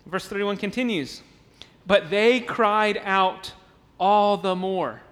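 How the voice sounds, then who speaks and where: A man delivers a sermon from the pulpit of a church sanctuary, and his voice sits unusually high for a man. He pushes his points with emphasis and repeated words, sometimes acting out the voices of a crowd. Long reverb from the hall trails behind him. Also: slow pace, fairly bright tone. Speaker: pastor.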